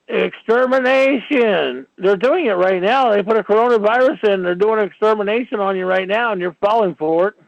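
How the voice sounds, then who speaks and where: A man's voice: high voice, creaky, no room sound. A man hosting a talk radio show, ranting in a rambling monologue packed with "you know"s, on dull lo-fi audio. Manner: ranting, filler-heavy, many "you know"s.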